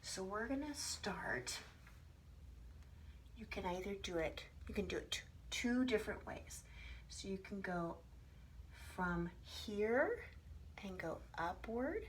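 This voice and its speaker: A woman teaching an art lesson to preschoolers, patient and soft-spoken, often half-whispering. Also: medium pitch, animated, slow, slight background noise. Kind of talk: slow, gentle instruction for preschoolers. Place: her room at home, fan running.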